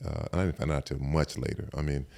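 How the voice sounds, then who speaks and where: A man's voice: a bass voice, level tone, fast talker, gravelly, darkish tone. A man in his sixties, a podcast guest, telling stories in casual chat and often repeating words as he starts sentences. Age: 60s.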